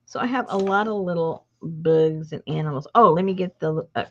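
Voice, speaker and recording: A woman's voice: low-pitched, normal speed, highs cut off. A woman hosting a crafting video, chatting casually and thinking aloud as she works. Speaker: crafting channel host. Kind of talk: casual chat while crafting.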